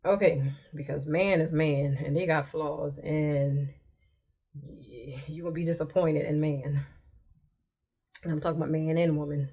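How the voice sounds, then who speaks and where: A woman's voice: deep voice, fairly even intonation, unhurried, warm tone, slightly rough, lo-fi sound. A woman vlogger giving casual commentary with chatty, exasperated asides as she reads text messages aloud.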